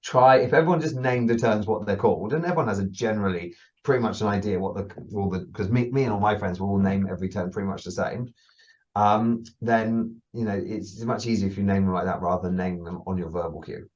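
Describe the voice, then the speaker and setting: A man co-hosting a casual podcast as a dog agility trainer, telling animated stories, laughing and swearing. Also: lowish voice, quick pace, muffled recording.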